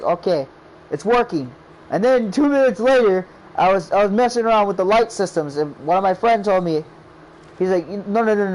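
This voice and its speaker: A man's voice: high-pitched, a little mellow, a little hiss or hum, poor audio. A man casually telling a rambling story about making his game, quoting his friends' reactions over and over. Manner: rambling, repeats "I was like" and quotes friends. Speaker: game creator.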